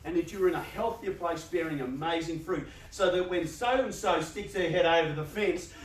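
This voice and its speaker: A man with a fairly high voice gives a playful, conversational motivational talk to a room full of people. The sound echoes around the space, and his voice is picked up from a distance with faint ambience underneath. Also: moderate pace. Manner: conversational, playful, laughs often and acts out inner voices. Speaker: youth organisation speaker. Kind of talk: motivational talk to a live audience. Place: large room with an audience.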